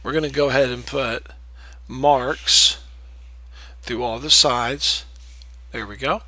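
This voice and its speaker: A man's voice: medium pitch, steady tone, takes it slowly, sharp tone, no echo, low-quality recording. A man teaching a math lesson in a patient, explanatory way, repeating key terms and checking in with "okay?". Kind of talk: recorded classroom lecture.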